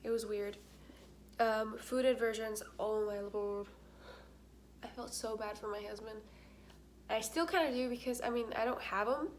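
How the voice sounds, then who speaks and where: Chatty young woman vlogging, higher voice. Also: normal speed, long pauses, slight background noise. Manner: chatty, candid, frequent filler words. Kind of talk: casual chat to camera.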